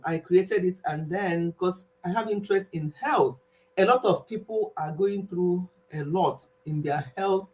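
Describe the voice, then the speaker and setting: On a casual health channel live stream, a Nigerian woman whose first language is Igbo tells stories animatedly, laughing often and mixing in Igbo words. Her voice sits on the low side with a Nigerian accent, and the recording quality is poor.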